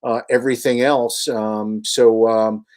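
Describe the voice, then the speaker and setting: A man, a radio host and author, guesting on a radio show and telling long, animated anecdotes with many restarts. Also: medium pitch, slow pace. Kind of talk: storytelling in a radio interview.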